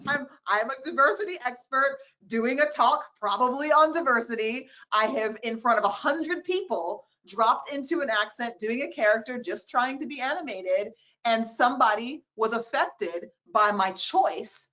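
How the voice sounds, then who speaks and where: A woman in her forties, a diversity expert, telling personal stories in a webinar interview on a video call, animated and expressive. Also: on the high side, normal speed, few pauses, low-quality recording. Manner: animated, expressive storytelling with quoted voices. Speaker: diversity expert, guest speaker.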